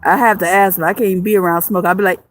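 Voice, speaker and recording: Racing along in a fairly low voice with fairly even intonation, a woman reads comments and chats casually with her stream's viewers over background noise. She jokes, swears freely, and keeps rambling and restarting.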